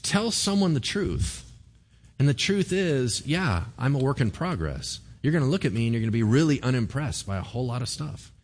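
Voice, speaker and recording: A man, a pastor, giving a conversational sermon in an animated way and often checking in with the congregation. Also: mid-range voice, moderate pace. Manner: animated, keeps asking the congregation "right?".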